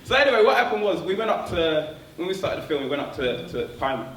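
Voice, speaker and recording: A man telling a stand-up story, animated and slangy, laughing at his own jokes. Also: fairly high pitch, fast. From London. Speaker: stand-up comedian. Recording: echoey room, distant mic, faint noise.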